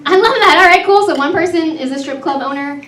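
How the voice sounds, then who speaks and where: A woman in her thirties with a high voice works a comedy club crowd in a chatty, self-mocking stand-up set. Her voice comes from a distance into an echoey room, under loud noise. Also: quick pace. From Texas. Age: 30s. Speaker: comedy host.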